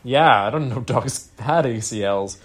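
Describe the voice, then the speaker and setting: A man's voice: medium pitch, measured pace, crowd noise. Young man telling a profane story. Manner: swearing, dramatic storyteller. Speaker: podcast co-host. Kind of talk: casual chat. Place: dad's house in Florida.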